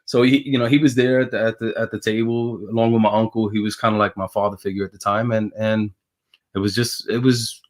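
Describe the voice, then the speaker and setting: A man, speaking in a lowish voice as a guest in a casual interview. He tells his stories with energy and acts out the other people's lines. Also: brisk. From Brooklyn, New York. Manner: animated storyteller who acts out quoted voices. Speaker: guest, former baseball pitcher.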